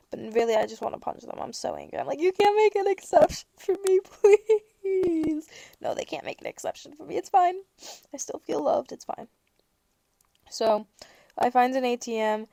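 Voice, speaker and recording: A woman's voice: high-pitched, creaky, mellow, no echo. A young adult woman hosting a podcast, telling a story in a casual chat with sarcastic rants and acted-out bits of dialogue. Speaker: podcast host.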